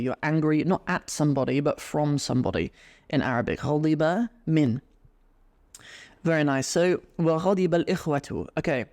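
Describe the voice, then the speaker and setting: A man's voice: a little high, darkish tone. Chatty male Arabic teacher. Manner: reads Arabic aloud then explains in English; chatty, with fillers and restarts. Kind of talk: podcast language lesson.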